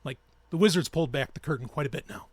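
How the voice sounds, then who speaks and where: A man's voice: a little high, fast talker, husky, no room sound. Heated, profane male podcast ranter. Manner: profane, heated, sarcastic ranting. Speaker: podcast host. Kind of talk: ranting solo podcast talk.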